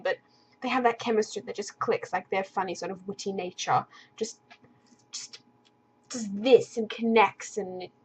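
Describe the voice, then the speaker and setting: A woman's voice: mid-range voice, a little mellow, poor audio. A woman gaming vlogger in casual commentary, rambling enthusiastically with many fillers.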